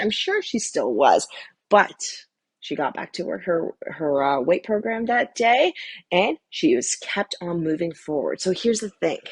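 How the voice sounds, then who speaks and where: Gravelly, husky woman giving blunt life advice. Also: lowish voice, no echo. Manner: blunt and candid, casual swearing; emphatic, direct address to viewer. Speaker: holistic lifestyle coach. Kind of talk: motivational talk to camera.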